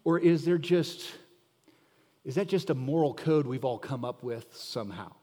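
A man's voice: mid-range voice, expressive, normal speed, dark tone. A middle-aged man preaching a sermon as pastor, emphatic and asking the listeners pointed questions. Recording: long hall reverb.

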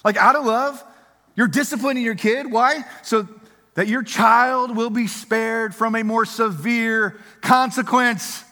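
High-voiced preacher in an echoing hall. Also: male voice, a little slow. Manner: animated, emphatic, swings between loud and hushed. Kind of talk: sermon. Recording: reverberant hall.

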